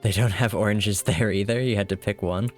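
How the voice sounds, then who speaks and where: A man's voice: on the low side, steady tone, fairly quick, soft background music. A man casually commenting on a game during a live stream, joking wryly, swearing freely and talking back to the characters.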